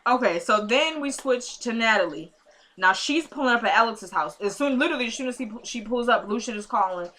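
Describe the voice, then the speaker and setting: A woman's voice: fairly high pitch, expressive, brisk, bright, forceful tone. A woman casually recapping a TV episode in a chatty way, with sassy asides, retelling scenes through quoted dialogue.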